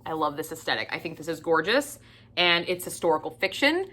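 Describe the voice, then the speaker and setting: A woman's voice: low voice, very animated, a little fast, sharp tone. A woman book vlogger in casual chat who gushes about what she's reading, doubling words for emphasis and dropping the odd swear word. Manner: chatty, gushing, doubles her words for emphasis.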